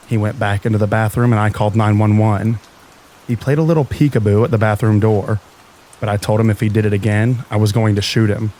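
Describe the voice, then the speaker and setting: Low calm guy reading creepy stories for sleep, faint rain noise behind. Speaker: narrator. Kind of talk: scripted narration of scary stories for sleep.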